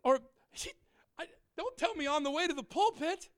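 High-voiced, joking preacher. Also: male voice, moderate pace, no echo, studio quality. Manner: animated, joking, shouts and drops to asides. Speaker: pastor. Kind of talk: humorous sermon.

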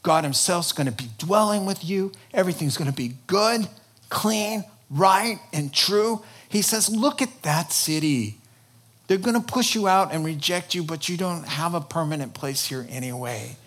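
A pastor giving an impassioned sermon, jumping between loud bursts and hushed lines and acting out quotes. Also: male voice, high-pitched, animated, normal speed.

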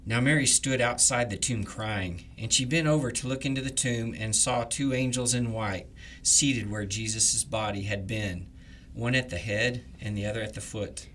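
A man leading morning prayers, reading the liturgy in a measured, reverent way. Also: medium pitch, a bit bright, a little hiss or hum. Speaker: prayer leader.

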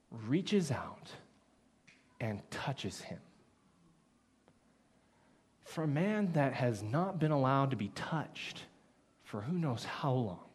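A male preacher delivering a sermon with a somewhat high voice. He preaches dramatically, punching some phrases loudly and then dropping to hushed, low-pitched lines for effect. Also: breathy edge. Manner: dramatic, swings from loud emphatic bursts to hushed low phrases. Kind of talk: expository sermon.

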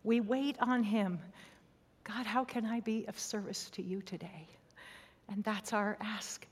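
A woman giving an earnest, conversational sermon built around a personal story, sometimes dropping to a soft near-whisper. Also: mid-range voice, fairly even intonation, unhurried, long reverb tail.

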